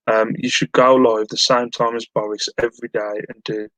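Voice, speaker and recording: Male live-streamer, mid pitch, rambling and self-mocking, answering chat at home, dry close sound. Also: level tone, normal speed, fairly bright tone, dry recording, rough recording. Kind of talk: casual chat while reading live chat.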